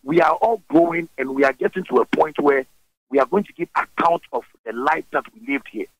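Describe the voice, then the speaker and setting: A Ghanaian man answers questions in a radio interview, his voice high and rough with a gravelly edge. He talks in forceful bursts that swing widely up and down, mixing languages as he goes. The sound is close and dry. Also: a little fast, dry recording, lo-fi sound. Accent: Ghanaian English. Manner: animated and forceful, switching languages mid-sentence. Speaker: interview guest, musician.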